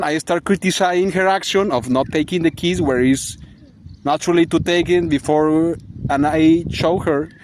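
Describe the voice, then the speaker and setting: A man with a fairly high voice rants in a vlog monologue. He is rambling and agitated, and he swears freely and laughs bitterly between points. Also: a little mellow, slight background noise. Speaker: vlogger.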